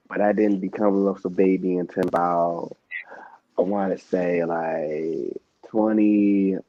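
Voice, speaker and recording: A young man, a rapper co-hosting a casual group chat, talking in a relaxed, halting way with many fillers. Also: low-pitched, no echo, dull audio. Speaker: co-host, rapper.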